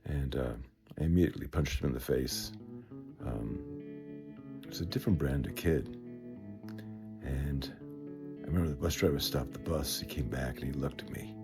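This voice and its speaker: A man, telling stories from his life in an unhurried, conversational way with frequent hesitations and restarts. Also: rumbling low, a little mellow. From the Bronx, New York. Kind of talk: reflective personal storytelling. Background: faint guitar music.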